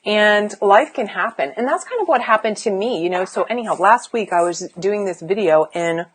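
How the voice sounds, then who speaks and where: A middle-aged woman who works as a life coach sits indoors, giving an emphatic, chatty motivational talk on a live stream, complete with sighs and restarts. Her voice is mid-range, with lively intonation and a moderate pace.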